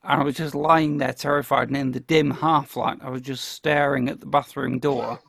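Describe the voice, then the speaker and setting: A man co-hosting a podcast, telling an anecdote in a lively way and laughing often. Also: mid-range voice, normal speed, gravelly, no echo, clean studio sound. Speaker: podcast co-host. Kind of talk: casual chat, storytelling.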